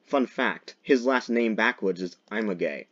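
A young man riffing over his gameplay in a joking, rambling way, now and then bursting into theatrical shouts. His voice sits at an ordinary pitch and moves at an unhurried pace. The sound is a little dull, as from a modest lo-fi mic. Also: lively intonation. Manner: jokey, swings into loud mock-dramatic shouts. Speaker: gaming video creator. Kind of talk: gameplay commentary.

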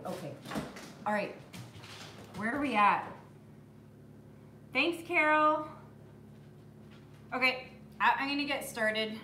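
A woman's voice: sits high, expressive, slow, pauses often, echoey room, noisy background. A woman hosting a live stream from home, chatting casually, greeting viewers by name and cooing at her puppy. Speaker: acrylic pour artist hosting a live stream. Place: home room with the door closed.

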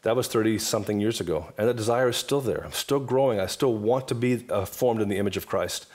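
A man's voice: on the low side, fast, darkish tone. A man in his fifties, a guest minister, talking in an emphatic, repetitive preaching cadence during a table talk. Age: 50s.

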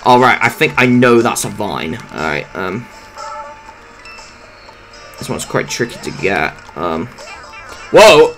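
A young man talks through a platform game in loose, rambling commentary. His pitch swings widely from low mutters to high yelps, and he peppers everything with swearing and silly asides. Quiet game music plays behind him. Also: lively intonation, measured pace, long pauses. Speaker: gameplay commentator. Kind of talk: casual let's play commentary.

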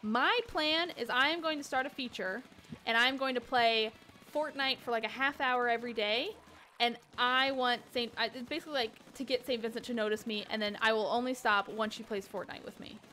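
Excitable woman reading donations on stream. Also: fairly high pitch, moderate pace, a little hiss or hum. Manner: excitable, reads donations aloud. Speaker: host. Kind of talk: casual stream chat.

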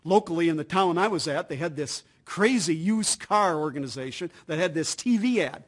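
A man's voice: fairly high pitch, lively intonation, moderate pace. A middle-aged man from the United States giving a business training talk on customer service, telling anecdotes with emphasis.

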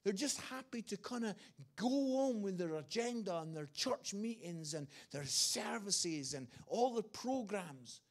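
English male preacher, high gravelly voice, earnest storytelling sermon with repeated phrases. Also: lively intonation, a little slow. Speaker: guest preacher.

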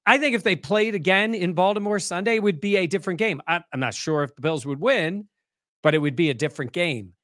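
A man's voice: high voice, a little fast, no room sound. Male sports co-host, dry close sound. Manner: conversational, animated analysis. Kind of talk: casual sports talk.

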